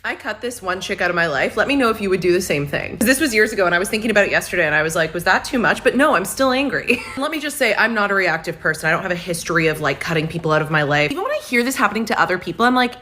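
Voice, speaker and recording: A young woman talks quickly in a bright, forceful voice. She tells a personal story as casual chat, animated and indignant. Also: mid-range voice.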